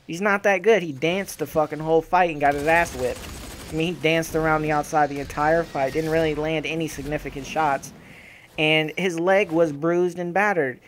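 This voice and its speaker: Young guy ranting about fights, cussing a lot, kinda high voice, faint gunfire noise behind. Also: moderate pace. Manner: profane, animated, trash-talking. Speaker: gaming channel host. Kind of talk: casual fight reaction commentary.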